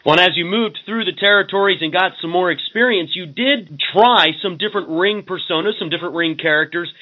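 A man hosting a radio interview, asking a guest long, measured questions. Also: high voice. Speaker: host, interviewer. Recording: tinny phone-like radio line.

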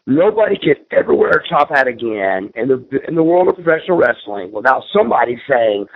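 A man's voice: medium pitch, very animated, fairly quick, vocal fry. A man, a former pro wrestler, telling stories from his career as an interview guest, rambling and repeating words as he goes. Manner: rambling, repeats words, acts out quoted voices. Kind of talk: casual storytelling in an interview. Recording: tinny phone-like radio line.

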